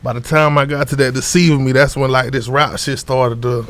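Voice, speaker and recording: Laid-back young man with flat delivery. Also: medium pitch, fairly quick, slight background noise. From Orlando, Florida. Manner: loose, repetitive, street slang, frequent fillers. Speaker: rapper guest. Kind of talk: casual interview talk.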